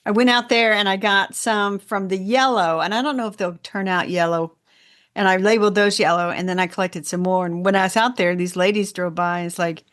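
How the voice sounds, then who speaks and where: A woman from Indiana co-hosting a casual gardening podcast, telling stories in a chatty, animated way. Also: medium pitch, fairly quick. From Indiana, USA. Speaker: podcast co-host.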